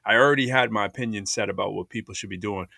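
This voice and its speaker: A man's voice: fairly low pitch, fast talker, creaky, no echo. A man in his thirties, co-hosting a casual podcast chat, telling stories and acting out the people he quotes. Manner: animated storyteller, acts out quoted voices. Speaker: podcast co-host.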